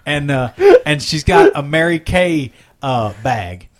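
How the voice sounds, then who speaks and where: Rambling man, somewhat high voice. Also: expressive, takes it slowly. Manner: rambling, laughs often, acts out silly scenes. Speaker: podcast co-host. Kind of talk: casual chat.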